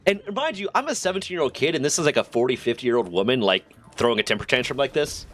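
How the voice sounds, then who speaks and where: A young man streaming a game, telling a story in a casual, animated way and acting out the people in it. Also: medium pitch, quick pace, few pauses, soft background music. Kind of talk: casual storytelling while gaming.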